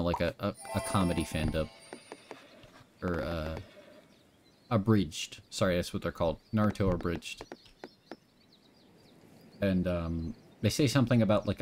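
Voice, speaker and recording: A man's voice: low voice, moderate pace, long pauses, a little mellow, a little hiss or hum. A young man chatting offhand with his viewers while playing a game, drifting from one tangent to the next. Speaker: streamer. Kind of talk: casual live-stream chat while playing a game.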